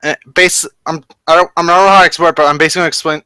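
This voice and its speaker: A man chatting as a player in a tabletop game, rambling and backtracking as he goes. His voice is fairly high and very bright, with a close, dry sound. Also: steady tone, rapid-fire, smooth, no room sound. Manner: rambling, self-correcting. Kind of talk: casual tabletop game talk.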